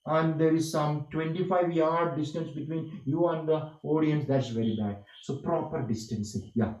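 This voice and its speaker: A man's voice: on the high side, normal speed, darkish tone. Emphatic man lecturing, echoey. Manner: repetitive, emphatic, rhetorical questions. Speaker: workshop instructor. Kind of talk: online lecture on communication skills. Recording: echoey room.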